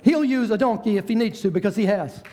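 A man preaching a sermon who retells a story dramatically and shifts between quick asides and slow, hushed lines. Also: high voice. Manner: dramatic storytelling, varies pace and volume.

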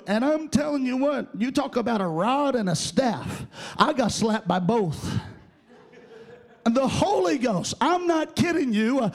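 A male preacher delivers a sermon in a rising, sing-song cadence, often breaking into shouts. His voice sits very high for a man. He peppers his lines with "uh" and "amen" and calls on the congregation to answer back.

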